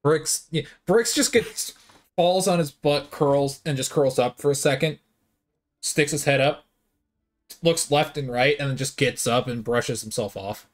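A man's voice: medium pitch, measured pace. A man playing a tabletop game, casually and jokingly describing what his character does. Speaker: player. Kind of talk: casual tabletop role-play.

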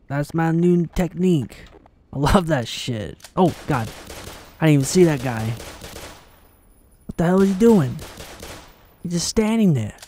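A man giving excitable let's play commentary, swearing often and taunting his enemies as he plays. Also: fairly high pitch. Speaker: gaming channel host.

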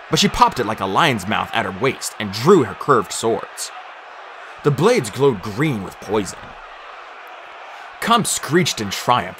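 A man narrating an audiobook in an animated, dramatic reading style. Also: mid-range voice, noisy background. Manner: animated, acts out shouted lines.

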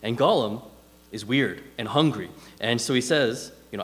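A man's voice: mid-range voice, moderate pace. A man preaching a sermon in a casual, conversational way, telling stories with plenty of fillers. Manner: conversational, animated storytelling with frequent fillers. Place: church hall. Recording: long hall reverb.

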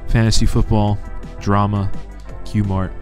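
A man's voice: fairly low pitch, flat delivery, slow, darkish tone, faint music behind. A man hosting a podcast, laid-back and casual, reacting with short exclamations and wrapping up the episode. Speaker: podcast host.

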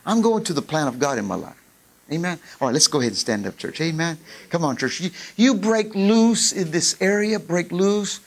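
A middle-aged man preaching a sermon, lively, acting out old conversations as he tells his story. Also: a little high, normal speed. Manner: animated, acts out dialogue in raised voice. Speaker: pastor.

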